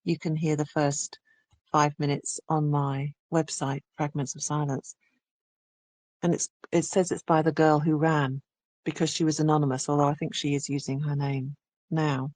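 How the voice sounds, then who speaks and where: A woman's voice: low-pitched, flat delivery, moderate pace, darkish tone, no echo. A woman audiobook narrator from England, talking enthusiastically in an interview. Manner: enthusiastic, restarts phrases. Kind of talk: conversational interview.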